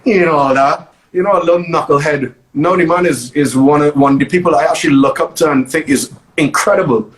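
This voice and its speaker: A man's voice: a little high, fairly quick, few pauses, poor audio. A man, a guest DJ telling stories in a casual interview with emphatic repeats. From Barbados. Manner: animated storytelling, emphatic repeats.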